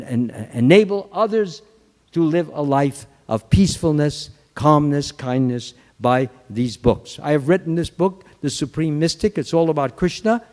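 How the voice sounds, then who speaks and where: A man's voice: a little high, warm tone. A man giving a Sunday temple sermon, telling a story, acting out the quoted lines and restarting words as he goes. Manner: acts out quotes, restarts words, lists qualities slowly. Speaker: Hare Krishna swami giving a Sunday lecture. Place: temple hall. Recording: long hall reverb.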